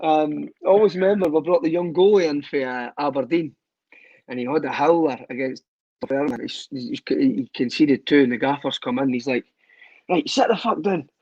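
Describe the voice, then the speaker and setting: A Scottish man, a footballer guest, telling lively, profane stories in a casual podcast chat. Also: on the high side, brisk, no room sound, muffled recording. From Scotland. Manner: lively storyteller, swears, laughs often.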